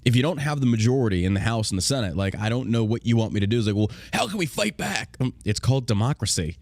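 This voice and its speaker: A man's voice: on the low side, racing, darkish tone, no echo. An American man hosting a podcast, talking in a casual, profane and combative way, often laughing. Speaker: podcast host.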